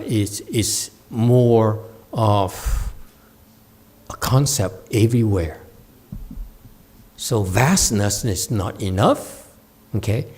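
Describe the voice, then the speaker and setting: Slow, halting male Buddhist lecturer. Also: on the low side, a little mellow. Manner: slow, halting with many fillers, asks listeners to confirm; playful teasing asides to the audience. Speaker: Buddhist teacher. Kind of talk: Dharma lecture. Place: meditation center hall.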